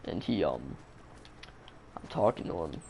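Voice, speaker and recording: A man's voice: sits low, big pitch swings, unhurried, a little mellow, a little hiss or hum. A man telling a story in a casual, rambling way, swearing a lot and using plenty of fillers. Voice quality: creaky. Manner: rambling, profane, full of fillers.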